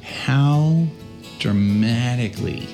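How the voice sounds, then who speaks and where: A man co-hosting a casual podcast, telling stories in an earnest, unhurried way. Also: medium pitch, a little mellow, faint music behind. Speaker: podcast co-host.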